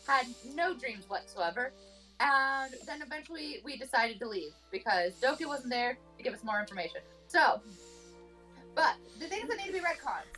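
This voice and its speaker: A woman's voice: sits high, animated, normal speed, bright, forceful tone, soft background music, poor audio. A woman casually recapping the last session of a tabletop game, rambling and laughing as she goes. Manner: giggly, rambling, self-interrupting.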